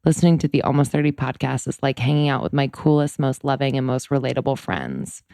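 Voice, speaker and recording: A woman's voice: rumbling low, lively intonation, quick pace, gravelly, mellow, dry recording, studio quality. A young adult woman co-hosting a podcast in casual chat, laid-back and laughing often. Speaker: podcast co-host.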